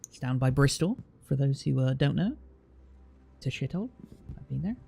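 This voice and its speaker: English male streamer, very gravelly and dark-toned, blunt and teasing, casual chat, faint music behind. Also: mid-range voice, animated. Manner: chatty, blunt, teasing, drawn-out fillers.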